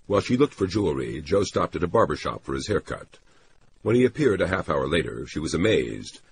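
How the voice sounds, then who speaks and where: A man doing scripted audiobook narration, expressive and voicing characters. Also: low-pitched, brisk, vocal fry, background noise.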